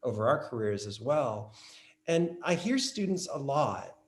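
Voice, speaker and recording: A man's voice: medium pitch, big pitch swings, normal speed, reverberant. A man interviewing a guest, asking long, rambling questions with many restarts and self-corrections, and laughing often. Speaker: interviewer, college teacher.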